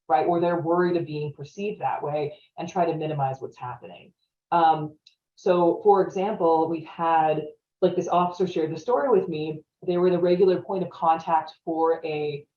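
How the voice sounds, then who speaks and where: A woman's voice: lowish voice, mellow. Woman giving a chatty training talk, sounds far off in an echoey room, kinda dull audio. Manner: chatty, often adds "right?" to check in. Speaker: webinar presenter on stalking. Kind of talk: conversational training webinar talk.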